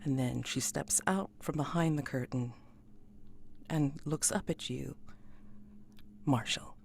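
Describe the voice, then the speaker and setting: A man narrating a tabletop game as game master, in a slow, halting way. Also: medium pitch, gravelly, slight background noise.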